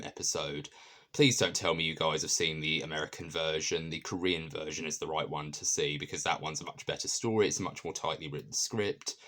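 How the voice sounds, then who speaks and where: A man's voice: extremely low pitch, a bit bright. A man casually reviewing a TV episode, enthusiastic and rambling, with many ums and restarts.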